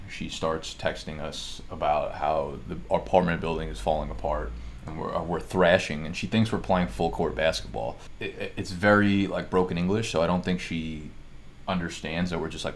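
Young man, host, low voice, profane ranting, casual chat. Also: fairly even intonation, fairly quick, slight background noise.

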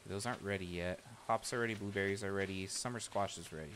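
A male streamer chatting casually with his viewers while playing, excitable and swearing freely as he reacts to the game. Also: low voice, fast, noisy background. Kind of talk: casual live gameplay chat.

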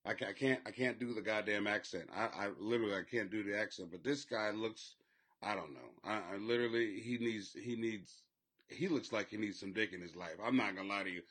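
A man hosting a podcast, riffing in crude, profane comedic commentary that rambles and swings in loudness. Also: fairly low pitch, fairly quick. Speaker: podcast host.

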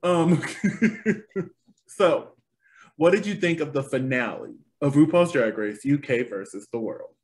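A man co-hosting a casual review chat show, animated and quick to laugh, with a bouncy, exclamatory delivery. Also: medium pitch.

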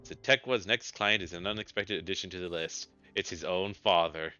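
Dude voicing a smug loan shark, quick wry read, bright lowish voice, dull audio. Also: male voice, clean tone. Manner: quick, wry reading of character lines. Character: male loan shark, smug and money-minded. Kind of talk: let's play character voice. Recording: dull lo-fi recording with game music.

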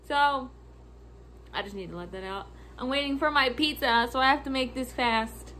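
A woman's voice: sits high, sharp tone, a little hiss or hum. A woman vlogger telling a casual storytime about her workday, exasperated, swearing freely and laughing often as she acts out short lines. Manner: acts out customers' lines in quick quoted snippets.

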